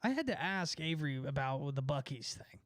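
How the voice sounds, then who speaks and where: Young Californian man, mocking casual chatter, slightly high voice. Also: expressive, fairly bright tone, no echo, clean studio sound. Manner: sarcastic, mocking, quick asides with laughs. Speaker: streamer. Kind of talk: casual ranting chat.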